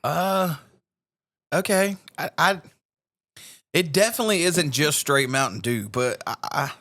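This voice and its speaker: A man's voice: a little high, unhurried, bright, forceful tone. A man co-hosting a podcast in casual chat, taste-testing snacks and talking straight to his listeners. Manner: chatty, addresses listeners directly, runs the segment. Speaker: podcast co-host. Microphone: podcast microphone with noise gate. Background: faint background music.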